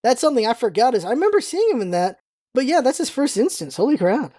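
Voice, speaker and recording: Young woman rambling on her podcast, kinda high but mellow voice, super dry close mic. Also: fast, dry recording. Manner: chatty, rambling and excitable. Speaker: podcast host. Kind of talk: casual rewatch podcast commentary.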